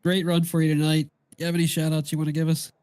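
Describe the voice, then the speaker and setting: A man asks drivers about their races in a brisk, friendly patter. His voice is mellow and close, with a fast pace. The sound is dry, with no room around it. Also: fairly high pitch, completely flat delivery, clean tone, no room sound. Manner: quick, upbeat, friendly questioning. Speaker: booth commentator interviewing drivers. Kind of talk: post-race interview.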